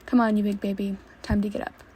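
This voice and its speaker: Woman reader as a caring young husband, teasing and upbeat, husky and mellow. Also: medium pitch, level tone, quick pace, close to an everyday voice. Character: young adult man, cheerful caring husband.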